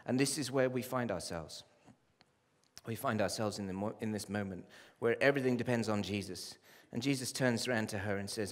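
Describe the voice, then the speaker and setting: Impassioned male pastor in a reverberant hall. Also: moderate pace. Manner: impassioned, rising to loud pleading then dropping low. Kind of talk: sermon. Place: church.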